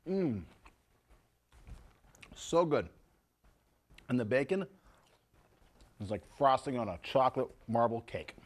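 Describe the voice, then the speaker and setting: A man hosts a relaxed home cooking show from his kitchen, talking to the folks at home as he cooks and tastes. He speaks at an everyday middle pitch in a chatty, easygoing way. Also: takes it slowly, pauses often. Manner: chatty, tasting food and talking to viewers as folks.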